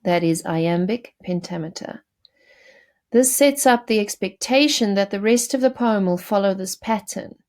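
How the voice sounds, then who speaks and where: Her voice is medium in pitch with a darkish tone, and she keeps a moderate pace. A female teacher walks her students through poetry in a recorded lesson, addressing them directly in an explanatory way while using fillers and correcting herself.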